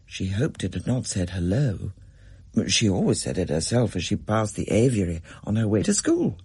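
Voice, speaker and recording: Husky man reading a story. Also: on the low side, no echo. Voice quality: husky, gravelly. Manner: measured, expressive reading. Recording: dry close recording.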